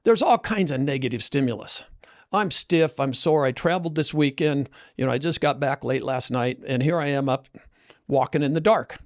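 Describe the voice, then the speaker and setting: A man's voice: medium pitch, normal speed. Earnest older man telling stories. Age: 60s. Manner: storytelling, earnest, with many restarts. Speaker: host, coach. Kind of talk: casual chat.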